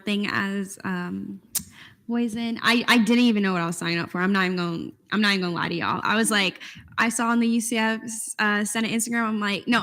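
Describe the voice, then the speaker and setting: A woman's voice: mid-range voice, a bit bright. A young woman student senator giving emotional, rambling thank-yous at a meeting, tearing up as she speaks. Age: young adult. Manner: tearful, effusive, rambling with restarts. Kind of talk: emotional farewell remarks at a meeting. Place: meeting room.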